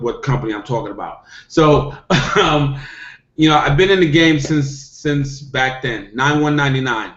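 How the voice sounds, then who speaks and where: A middle-aged man giving a motivational talk on a video call, emphatic and repetitive, punctuating his points with "okay?". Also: mid-range voice. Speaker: network marketing distributor. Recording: echoey, dull lo-fi video call.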